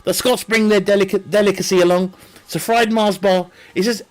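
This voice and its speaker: A man's voice: sits high, a little fast. A man streaming a game, chatting casually in a rambling, joking way, laughing often and swearing. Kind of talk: casual live-stream chat.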